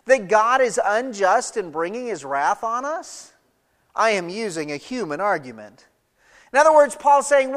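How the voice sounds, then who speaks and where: A man's voice: high-pitched, big pitch swings, a little slow, fairly bright tone. A man preaching an expository sermon, emphatic, reading scripture aloud and explaining it. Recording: long reverb of a large hall.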